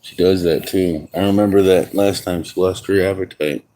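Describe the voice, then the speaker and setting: A man's voice: deep voice, fairly even intonation, normal speed, mellow, a little hiss or hum. A tipsy man rambling and swearing through a casual livestream outdoors at home, chuckling to himself. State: intoxicated.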